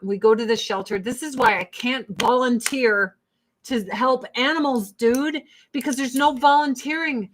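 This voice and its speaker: A woman's voice: fairly high pitch, moderate pace. A woman hosting a casual livestream chat with her online audience, blunt and profane, who breaks off to coo baby talk at her pets.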